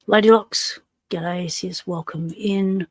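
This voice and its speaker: An Australian woman hosts a relaxed livestream and talks in an unhurried, drawn-out way. She greets chat viewers one by one with easygoing slang. Her voice sits close and dry on the microphone. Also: lowish voice, dry recording. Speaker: livestream host.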